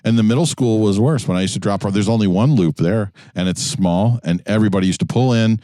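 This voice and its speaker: A man with a New York accent co-hosting a casual car podcast, griping in a laid-back, deadpan way. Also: on the low side, fast, no echo, studio quality. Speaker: podcast co-host. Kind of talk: casual profane banter in a car. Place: inside a jeep.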